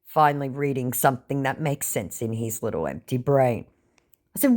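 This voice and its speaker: A woman's voice: low voice, animated, moderate pace, a little mellow. A woman, mockingly narrating a story about baiting a scammer. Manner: dry, mocking sarcasm. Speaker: scam-baiting channel host.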